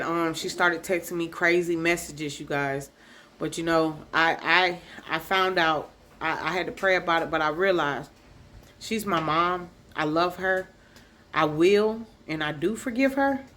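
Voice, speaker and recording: A woman's voice: fairly low pitch, fairly bright tone, slight background noise. Emotional woman telling a painful story. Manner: emotional, upset, talks straight to viewers; dialect grammar, casual slang. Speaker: podcast host. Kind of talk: personal storytelling vlog.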